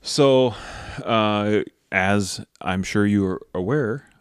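A low-pitched man chats on a podcast, rambling through self-mocking stories and blunt opinions. His voice sits close and dry, with no room around it. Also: slow pace, smooth, no room sound. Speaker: podcast co-host. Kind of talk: casual podcast chat.

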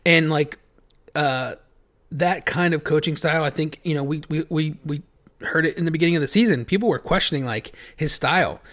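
A man's voice: fairly high pitch, brisk, fairly bright tone. A man co-hosting a casual sports chat who rambles and repeats his words. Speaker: podcast co-host.

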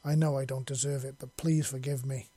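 A man's voice: mid-range voice, little pitch movement, a little fast, mellow, breathy edge, no echo, lightly acted. A man reading the part of a haunted, remorseful male alien judge who speaks in a broken, pleading voice.

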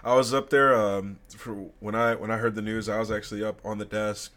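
Low-voiced profane young podcast co-host. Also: male voice, level tone, a little fast, fairly bright tone. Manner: casual, profane, storytelling. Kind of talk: casual chat.

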